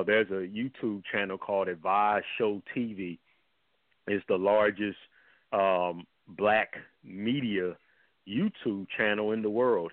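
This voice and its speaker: A man's voice: fairly low pitch, no echo. A man speaking as a health guest on a radio talk show, blunt and heated in his manner. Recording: tinny phone line, dry.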